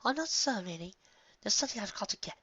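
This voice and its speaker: A man voicing a brash young alien girl in a fan-fiction reading, pitching up into a shrill voice. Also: expressive, fast talker, bright, forceful tone, husky, no room sound, exaggerated voice. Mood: evasive. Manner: shrill, bursts out. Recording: dull lo-fi recording.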